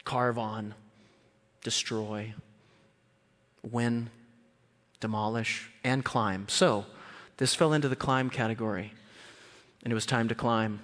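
A man preaching a sermon in a church, telling stories animatedly and jumping into high voices to act out scenes. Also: slow, long pauses, big-room sound. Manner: animated, jumps into high squeals when acting out scenes. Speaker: guest preacher. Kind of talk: sermon with storytelling.

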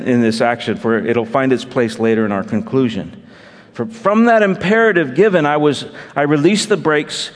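A man's voice: medium pitch, long reverb tail. A man preaching a sermon as pastor, telling a personal story with wry humor and asides to the congregation. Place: church.

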